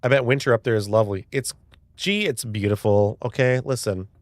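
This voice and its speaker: This early-forties streamer speaks a little fast in a medium pitch, with no room sound on the recording. He chats and rambles casually, reading his viewers' messages aloud and swearing every so often.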